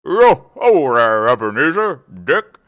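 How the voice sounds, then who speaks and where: A man voicing a jovial, hearty old employer who calls out loudly and merrily. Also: very animated, slow, no echo, studio quality, full character voice. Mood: jovial shouting. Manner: booming, hearty, calling out.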